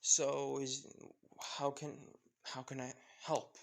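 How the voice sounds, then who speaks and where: A man's voice: medium pitch, monotone, takes it slowly, gravelly. A man voicing a strict mother who scolds her teenage son in a fan story. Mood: polite. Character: stern scolding mother of a teen boy.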